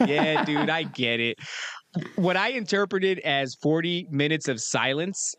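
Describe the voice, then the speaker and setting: A young man co-hosting a podcast, telling crude, animated stories with bursts of laughter. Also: fairly high pitch, moderate pace, dry recording. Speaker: podcast co-host. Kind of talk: casual podcast chat.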